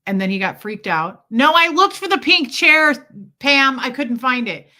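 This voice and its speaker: A high, bright, forceful voice belongs to a woman hosting a casual livestream at home, and she keeps an animated but measured pace. She greets viewers and tells a rambling story, pausing for asides to viewers and her pets.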